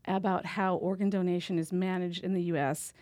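A woman's voice: fairly low pitch, level tone, a little fast, a little mellow, dry recording. A woman hosting a public radio interview in a conversational way. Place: radio studio.

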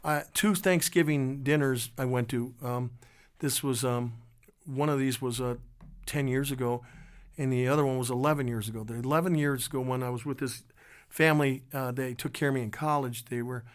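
Casting note: male musician guest, earnest storytelling voice, halting and reflective. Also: medium pitch, fairly even intonation. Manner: earnest, halting with restarts and fillers.

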